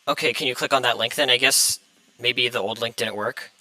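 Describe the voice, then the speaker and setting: Bright-voiced young man hosting a podcast. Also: mid-range voice, a little fast, dry recording, low-quality recording. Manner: hesitant, many fillers, flustered by tech trouble. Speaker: podcast host. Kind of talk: casual livestream podcast.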